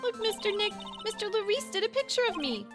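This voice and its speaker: A woman voicing a sweet, excitable little girl, speaking high and earnestly over game music. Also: a little fast. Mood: eager. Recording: game music playing behind.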